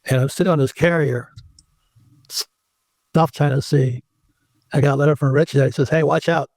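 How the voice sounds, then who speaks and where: A man's voice: mid-range voice, moderate pace, dry recording. An older man, an interview guest, telling a long anecdote in casual conversation and acting out the people in it. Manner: animated anecdote teller who acts out the people in his stories.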